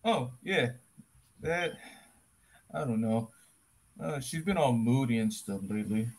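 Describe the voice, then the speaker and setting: A man voicing an excitable, chatty male talking donkey in a fan dub of an animated film, rambling eagerly and bursting into shouts. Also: medium pitch, a little slow.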